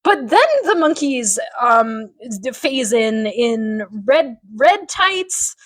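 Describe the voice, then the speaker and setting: A woman co-hosting a casual podcast, her voice sitting a little high. She recaps a TV episode in an animated way, laughing and acting out quoted lines as she goes. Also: takes it slowly. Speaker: podcast co-host.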